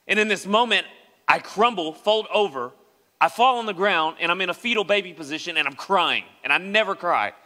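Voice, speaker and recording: A young West Tennessee pastor tells a story from the pulpit in a bright, forceful voice that sits a little high for a man. He moves briskly and animatedly, acting out the voices of the people he quotes. The church sanctuary gives his words a long, ringing echo.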